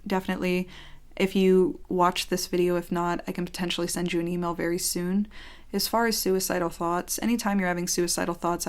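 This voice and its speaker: A young woman hosting her channel, reading fan mail aloud in a casual, affectionate way and now and then dropping into soft whispers. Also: on the low side. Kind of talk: casual vlog chat, reading letters aloud.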